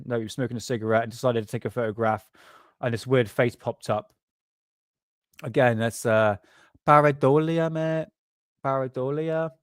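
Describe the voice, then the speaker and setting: Male livestream host, cheeky and rambling, mid-pitched voice, dry close sound. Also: no echo. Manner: rambling, laughing, cheeky, swears freely. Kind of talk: casual livestream chat.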